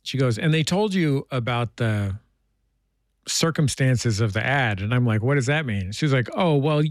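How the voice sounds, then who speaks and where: A man's voice: mid-range voice, animated, normal speed, dry recording, clean studio sound. A man from San Francisco hosting a radio interview, conversational and self-deprecating. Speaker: radio show host.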